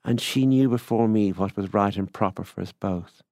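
A man's voice: fairly low pitch, moderate pace, darkish tone, no room sound, clean studio sound, lightly acted. A man reading as a middle-aged rural widower who confides his story in a plain, musing way.

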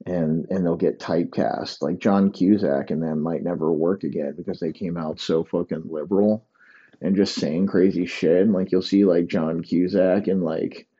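Low, dark-voiced man ranting profanely. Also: fairly even intonation, normal speed, husky, lo-fi sound. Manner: rambling, profane, provocative. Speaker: podcast host. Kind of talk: solo comedic rant.

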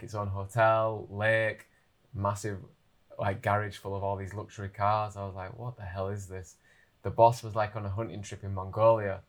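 A man, telling a story in an animated, casual way with lots of fillers. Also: lowish voice. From England.

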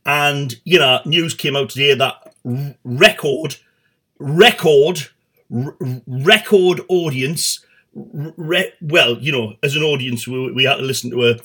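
A man's voice: medium pitch, a little slow, fairly bright tone, breathy edge. A middle-aged man hosting a satirical comedy show, rambling and swearing with stumbling restarts.

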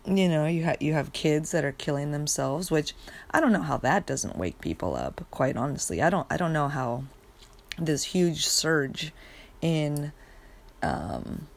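Sleepy, low-voiced young woman ranting. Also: lively intonation, a little slow, gravelly. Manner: rambling, profane, many fillers and restarts. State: sleepy, yawning. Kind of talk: casual rant monologue.

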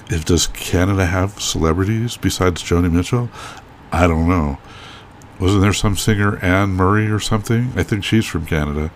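Low-voiced guy rambling and joking on a podcast, lots of restarts, a little background hiss. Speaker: podcast co-host. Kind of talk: casual chat.

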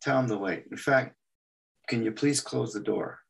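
A man putting on the voice of an older male cartoon studio boss, brisk and kindly, recorded a bit off-mic. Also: mid-range voice, creaky, far from the mic.

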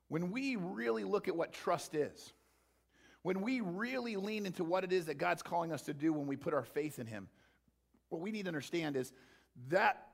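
A pastor preaching a sermon to his church in an animated way, sometimes acting out the disciples in playful voices. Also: high voice, vocal fry.

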